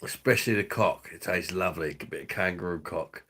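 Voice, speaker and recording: Low-voiced, sweary man. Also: fairly quick, pushed and bright. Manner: crude, sweary banter, often breaking into laughter. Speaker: livestream host. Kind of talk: casual live-stream chat reading out viewer comments.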